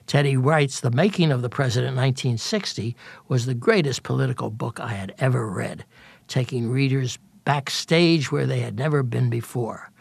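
Older male reader, measured memoir narration, husky and gravelly. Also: mid-range voice, no room sound. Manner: measured storytelling in present tense. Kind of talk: reading a memoir excerpt.

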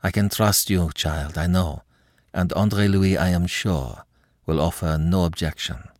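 A man's voice: sits low, unhurried, a little mellow, no echo, clean studio sound. A man reading an older aristocratic mother who pleads emotionally for forgiveness in a story. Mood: gentle.

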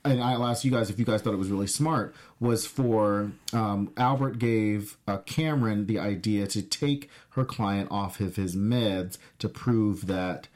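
A man's voice: fairly low pitch, a little slow, few pauses, a little mellow. A man hosting a casual discussion of a TV episode, reading out his notes and putting questions to the group. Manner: leads the talk, reads out notes, asks the group questions. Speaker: podcast host. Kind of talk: casual chat about a TV episode.

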